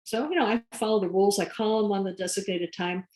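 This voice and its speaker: A woman guest speaker telling lively anecdotes about her career, laughing now and then. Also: medium pitch, quick pace. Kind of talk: career story told to an audience. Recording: echoey room.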